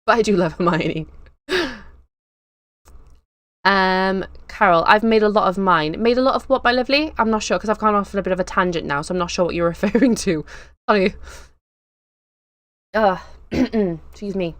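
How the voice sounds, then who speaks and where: A woman in her thirties hosting a casual live stream, chatty, excitable and a little nervous, drifting onto tangents. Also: medium pitch, brisk, no echo. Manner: nervous, giggly.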